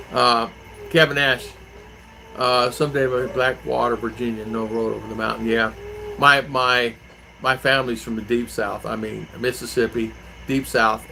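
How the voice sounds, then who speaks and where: A man from Arizona hosts a relaxed live stream, rambling from one topic to the next as he answers viewer comments. His voice sounds bright and forceful at a middle pitch, with a faint hum of noise underneath. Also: gravelly, poor audio. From Arizona, USA. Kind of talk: casual live stream chat.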